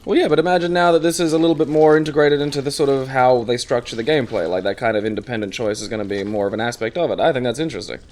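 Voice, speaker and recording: A man's voice: medium pitch, very fast, few pauses, a little mellow. A man with a mid-range voice, talking loosely and rambling through his thoughts during a game session. He keeps restarting his sentences and padding them with fillers. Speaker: co-host. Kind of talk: casual gameplay chat.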